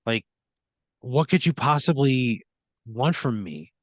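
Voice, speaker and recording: A man chatting on a comedy podcast, exasperated and quick to swear. His voice is mid-pitched and sits close and dry on the mic. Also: lively intonation, no echo. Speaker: podcast co-host. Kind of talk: casual chat.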